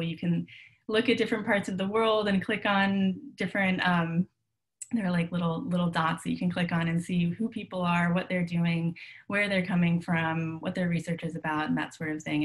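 A woman leading a live online workshop, talking casually over a video call with many ums and restarts. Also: on the low side. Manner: casual, filler-heavy, with frequent restarts. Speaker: workshop leader. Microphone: computer mic on a video call.

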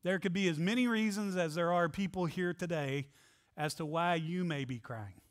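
Earnest high-voiced preaching man. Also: moderate pace. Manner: earnest, asks repeated rhetorical questions. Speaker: pastor. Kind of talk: Easter sermon. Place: church sanctuary.

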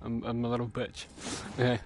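A young man streaming a horror game live, cursing constantly and yelling when something startles him. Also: medium pitch, completely flat delivery, fairly quick. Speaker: gamer streamer. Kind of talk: live gameplay commentary.

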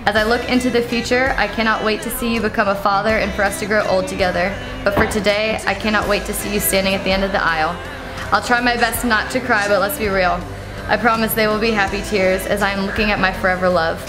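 A young bride in her twenties reads a letter with sincere warmth of feeling. Her voice sits at a mid pitch for a woman. Music plays clearly beneath her. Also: fairly even intonation, fast. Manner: heartfelt and sincere. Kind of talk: reading a letter. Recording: with music playing over it.

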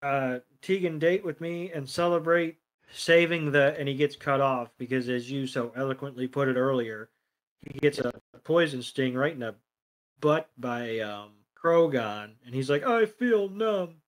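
A man's voice: mid-range voice, fairly even intonation, moderate pace. A man co-hosting a podcast, casually recapping an episode with sardonic comments and free swearing. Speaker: podcast co-host.

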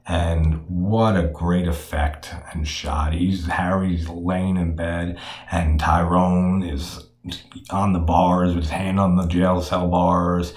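A man's voice: sits low, flat delivery, takes it slowly, darkish tone, echoey room. A man talking casually and frankly about a film, swearing freely and using many fillers. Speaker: horror film reviewer.

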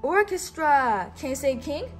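A woman's voice: sits high, very animated, measured pace, faint music behind. A young adult woman teacher reading a storybook aloud, patiently prompting a child to repeat words after her.

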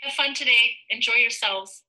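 A woman giving a gentle online lesson to young children about making sounds with the mouth. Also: a little high, normal speed, low-quality recording.

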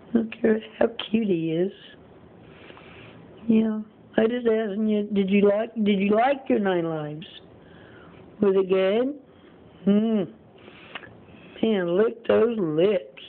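Slow, cooing woman in baby talk. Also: mid-range voice. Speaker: cat owner. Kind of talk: home video talking to her pet. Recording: tinny lo-fi home video with faint hum.

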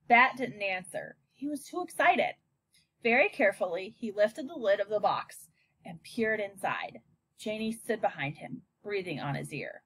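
Lively woman narrating a children's book. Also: mid-range voice, moderate pace, slightly rough, dry recording. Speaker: audiobook narrator. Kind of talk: scripted storybook narration.

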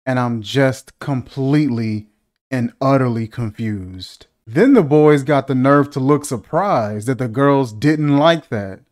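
A man's voice: mid-range voice, expressive, slow pace, darkish tone. A man hosting a casual movie reaction, joking and incredulous, asking one rhetorical question after another.

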